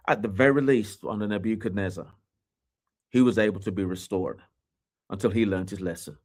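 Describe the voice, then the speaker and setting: A man preaching on a podcast, emphatic, slowing down and repeating key words for weight. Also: on the low side, a little mellow. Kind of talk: sermon-style teaching.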